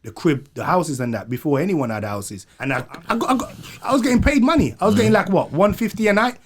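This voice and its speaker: A man's voice: high voice, lively intonation, fast talker, a little hiss or hum. A young man from Montserrat, a guest telling his life story in slang-heavy casual chat.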